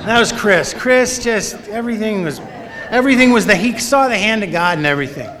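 A man's voice: sits high, lively intonation, fairly quick, a bit bright, some chatter behind, slight background noise. A middle-aged man telling a funny personal story at a recovery meeting, with a wry, self-mocking manner. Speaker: speaker sharing his story at a recovery meeting. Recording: long reverb of a large hall.

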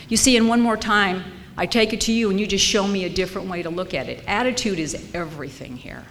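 A woman in her sixties sharing a personal story with a recovery group, blunt and salty, growing loud and laughing. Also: medium pitch, quick pace, in a large hall, slight background noise. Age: 60s.

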